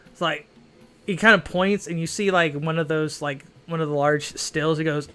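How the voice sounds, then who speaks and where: Bright-voiced man running a tabletop game. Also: fairly high pitch, flat delivery, normal speed, smooth. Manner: rambling, lots of fillers and hedges. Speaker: game master.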